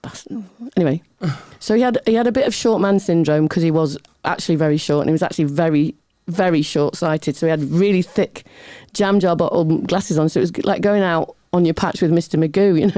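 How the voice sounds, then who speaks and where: A middle-aged woman, a guest on an interview show, telling lively, self-deprecating anecdotes in casual chat, often breaking into laughter. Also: lowish voice, dry recording. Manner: chatty, animated anecdotes with laughter.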